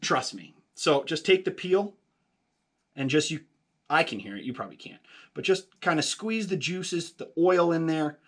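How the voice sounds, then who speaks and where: This man hosts a casual cocktail vlog from home, chatty and jokey, packing in lots of fillers with a slightly out-of-breath delivery. His voice is a little high and a bit bright.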